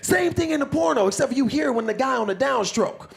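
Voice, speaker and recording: High gravelly-voiced man doing stand-up. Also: quick pace. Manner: loud, animated delivery with frequent laughs and shouts. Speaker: stand-up comedian. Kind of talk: stand-up set. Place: comedy club stage. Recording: live club with crowd and noise.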